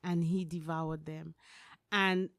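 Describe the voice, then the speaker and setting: A woman, co-hosting a podcast and telling a story with lively acted-out dialogue and some swearing. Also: low-pitched, takes it slowly, no echo, studio quality. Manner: expressive, swears, acts out dialogue. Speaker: podcast co-host. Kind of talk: animated storytelling rant.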